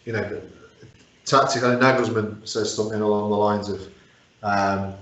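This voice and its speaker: Low-voiced host in an echoey room. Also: male voice, steady tone, normal speed, a bit bright. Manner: short encouraging replies, hedging fillers. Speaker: podcast host. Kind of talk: conversational interview. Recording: roomy muffled audio.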